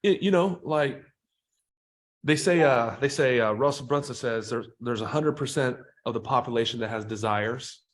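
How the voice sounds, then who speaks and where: This man, a sales trainer, is a guest on a podcast, recounting animated, foul-mouthed stories in a relaxed interview. He speaks at normal speed with a medium-pitched voice.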